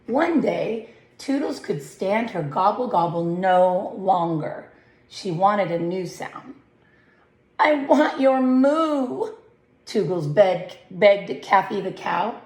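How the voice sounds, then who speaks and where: Slow, gentle woman reading to children. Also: fairly low pitch, roomy sound. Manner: gentle, questioning asides to young listeners. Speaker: read-aloud narrator. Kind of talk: reading a picture book to children.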